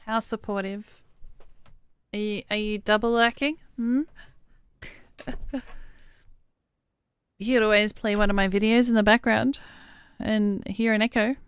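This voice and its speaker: Very smooth-voiced woman streamer. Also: medium pitch, fairly even intonation, a little slow, long pauses, no room sound. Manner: chatty, talks to chat, reads game dialogue aloud. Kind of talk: casual gaming livestream chat.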